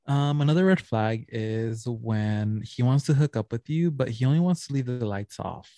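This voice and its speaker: A man's voice: medium pitch, moderate pace, dark tone, no echo. A young man co-hosting a casual chat podcast, with sassy, playful remarks. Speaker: podcast co-host.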